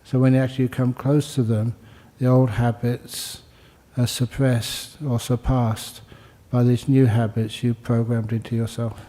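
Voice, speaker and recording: Mellow older monk giving a joking dharma talk. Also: male voice, mid-range voice, flat delivery, a little slow. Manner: joking, conversational, repeats phrases for emphasis. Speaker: Buddhist monk teaching meditation. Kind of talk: dharma talk answering questions.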